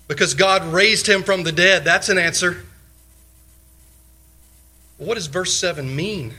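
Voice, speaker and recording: Emphatic preacher with a bright, high voice. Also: male voice, measured pace, long pauses, slightly rough, low-quality recording. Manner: emphatic, rhetorical questions, repeats phrases; leans on short repeated exhortations. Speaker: pastor. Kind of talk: sermon.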